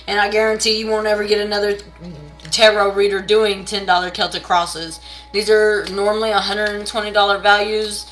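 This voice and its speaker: Bright-voiced blunt tarot reader woman. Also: level tone, moderate pace, soft background music, rough recording. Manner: blunt and profane, scolding viewers; pushy sales pitch. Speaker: tarot reader doing a live stream. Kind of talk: casual live tarot reading.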